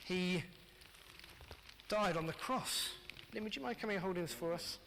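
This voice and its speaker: A middle-aged English pastor delivers a lively family sermon at a moderate pace, often speaking straight to the children. His high voice is bright and clear, and the church's long reverb trails after each phrase, with slight background noise.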